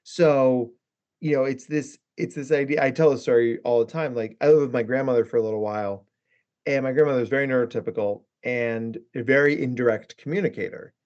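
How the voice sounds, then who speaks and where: A man's voice: medium pitch, a little fast, a little mellow, muffled recording. A man who is a guest therapist on a podcast, telling long rambling stories in a casual chat, swearing freely and saying "like" and "right?" a lot.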